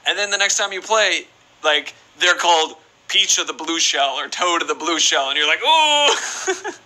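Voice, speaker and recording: A man's voice: a little high, fairly even intonation, moderate pace, pushed and bright, rough recording. A young man streaming a game, chatting casually and reading out viewer questions in a rambling, playful way. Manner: rambling, playful, reads chat aloud. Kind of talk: casual live-stream chat while playing.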